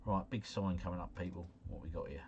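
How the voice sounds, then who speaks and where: A man giving live gameplay commentary, chatty and excitable as he talks to his viewers. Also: low voice, fast, dull audio, a little hiss or hum. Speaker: gaming livestreamer.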